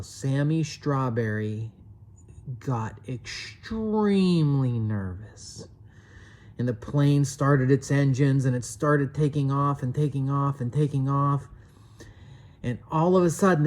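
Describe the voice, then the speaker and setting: A woman narrating a children's story with slow, expressive telling. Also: extremely low pitch.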